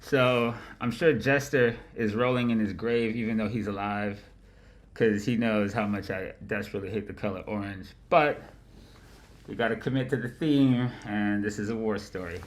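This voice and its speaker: A man hosting a casual livestream about markets, with a nasal voice, rambling, swearing often and laughing loudly. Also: on the low side, fairly even intonation, moderate pace. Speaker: livestream host of a market analysis show. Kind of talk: casual profane chat.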